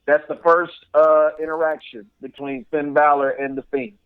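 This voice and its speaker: A man with a high-pitched voice co-hosts a casual podcast. He tells stories with animated energy, acts out the voices and crowd chants, and fills his sentences with "like" and "all of a sudden.". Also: normal speed, clean tone, no room sound, narrow, tinny audio. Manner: frequent "and then all of a sudden" and "like" fillers. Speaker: podcast co-host. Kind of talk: casual chat.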